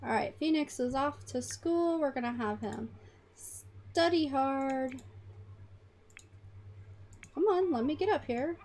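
A woman's voice: sits high, slow, pauses often, darkish tone. A woman hosting a gaming channel, chatting casually to her characters as she plays. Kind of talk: casual life-sim gameplay commentary.

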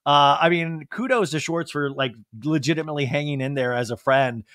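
A man chatting casually on a podcast, animated and laughing often, sometimes mimicking people in a low drawl. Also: a little fast, no echo, studio quality. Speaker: podcast guest. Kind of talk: casual chat.

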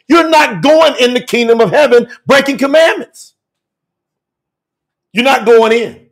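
A man preaching fiery and emphatic to a telethon audience as a scripture teacher, repeating phrases and shouting at times. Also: extremely high pitch, sing-song, normal speed.

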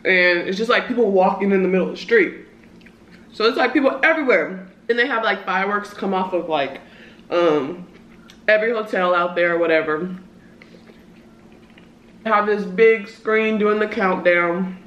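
A woman's voice: mid-range voice, normal speed, long pauses, fairly bright tone, lo-fi sound. A woman in her early twenties vlogging a casual mukbang chat, slangy and talking while eating. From Southern California. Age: early 20s. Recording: roomy echo.

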